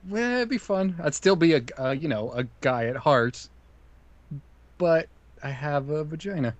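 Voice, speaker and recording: A man's voice: fairly high pitch, measured pace, no room sound. Goofy man in a dry close recording. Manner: goofy, deadpan declarations. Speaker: co-host. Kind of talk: casual chat.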